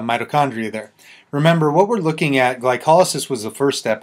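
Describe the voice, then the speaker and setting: A man teaching biology, talking through a diagram in a casual, conversational way with everyday comparisons. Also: mid-range voice. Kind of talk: explaining a lesson over a diagram.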